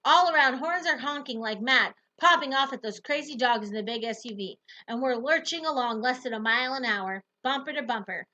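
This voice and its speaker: Woman reading a story out loud, lively and expressive, bright voice on the high side. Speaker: audiobook narrator. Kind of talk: first-person novel narration.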